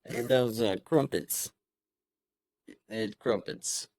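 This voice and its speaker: A man's voice: mid-range voice, takes it slowly, a little mellow, no echo, clean studio sound. A young man co-hosting a podcast, easygoing, reacting with short laughs and quips. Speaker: podcast co-host. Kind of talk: casual chat.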